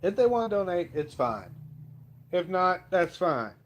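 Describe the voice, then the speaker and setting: A man hosting a casual live stream, reading out a little and then rambling along in a folksy, unhurried way. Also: high voice, big pitch swings, dull audio, slight background noise. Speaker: livestream host.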